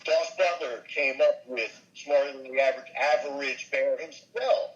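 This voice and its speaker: A man's voice: medium pitch, normal speed, lo-fi sound. An older man, a voice actor and comedian, telling show-business stories in an interview and slipping into character voices. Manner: animated, slips into character voices. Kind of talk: anecdotal interview storytelling.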